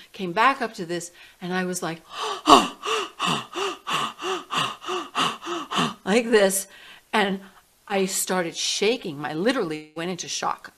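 A middle-aged woman, a guest on an interview show, tells a personal story in a lively way and acts out the voices in her head. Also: fairly low pitch. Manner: animated storyteller, acting out her inner voices. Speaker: guest, healing music artist.

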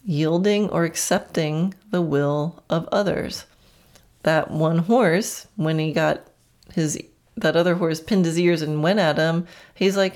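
A woman hosts her own horse-training podcast, talking through ideas in a relaxed, reflective way and laughing often at herself. Her voice sits notably low for a woman, warm and conversational. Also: takes it slowly. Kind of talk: solo podcast talk.

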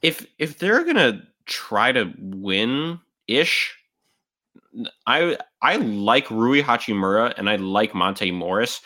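A man's voice: lowish voice, slow pace. A man co-hosting a sports podcast, chatting casually and rambling with lots of restarts. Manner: animated, rambling with many restarts.

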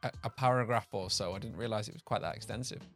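A man's voice: on the low side, fast talker, fairly bright tone, faint music behind. A man co-hosting a podcast in casual chat, reacting loosely, swearing now and then and tripping over his words. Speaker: podcast co-host.

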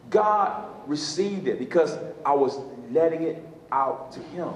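A man's voice: high-pitched, moderate pace, very echoey, rough recording. A man preaching as a pastor, repeating phrases and drawing responses from listeners. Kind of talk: sermon teaching.

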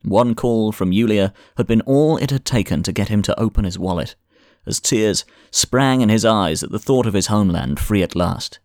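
Male audiobook narrator, low, measured storytelling, dry studio read. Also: a little mellow, no echo.

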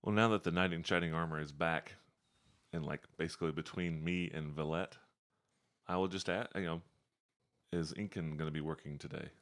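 A man's voice: low voice, steady tone, fairly quick, a bit bright. A man playing a tabletop game, asking questions in a casual, inquisitive way. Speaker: player. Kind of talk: tabletop role-play.

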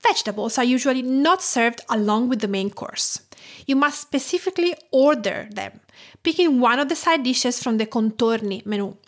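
A woman's voice: a little high, expressive, normal speed. A woman from Tuscany with an Italian accent, hosting a cooking podcast in an enthusiastic, descriptive way. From Tuscany, Italy. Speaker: podcast host and home cook. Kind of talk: scripted podcast narration.

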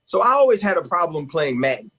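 A man with a husky, slightly high voice talks sports on a radio show. He is emphatic and animated and laughs often. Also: fast talker. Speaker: guest analyst, former player.

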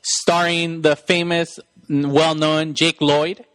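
A man's voice: a little high, little pitch movement, takes it slowly, a bit bright, no echo, studio quality. A man hosting a podcast, chatting casually about a movie and acting out its lines in jokey voices. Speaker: podcast host.

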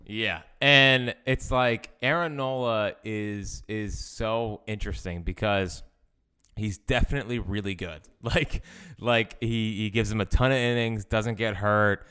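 Smooth low-voiced sports podcast guy. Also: steady tone, a little slow, sharp tone. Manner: rambling, frustrated fan talk with laughs. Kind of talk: casual sports chat.

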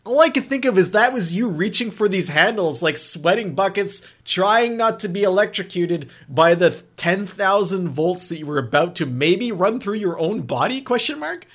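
A man hosting a casual car podcast, with dry, wry humor and slow, drawn-out emphasis. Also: high-pitched, animated, a bit bright. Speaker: podcast host.

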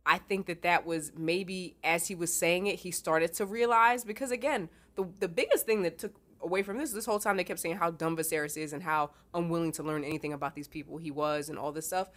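Slangy, animated woman podcaster. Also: lowish voice, brisk, hardly any pauses. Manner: animated, slangy, retells scenes in quoted voices. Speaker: podcast co-host. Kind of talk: casual book discussion.

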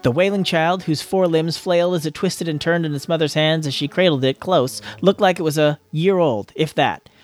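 A man reading a chapter of a novel aloud as a guest reader, in steady storytelling narration. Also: on the high side, normal speed, hardly any pauses.

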